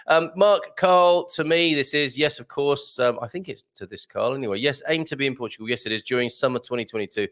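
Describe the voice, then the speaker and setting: A man's voice: mid-range voice, lively intonation, moderate pace, a bit bright. A man hosting a live morning show, chatting casually and jokily through viewer comments with plenty of ums and laughs. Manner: chatty, jokey, laughs often, lots of ums. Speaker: host. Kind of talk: live-stream chat reading viewer comments.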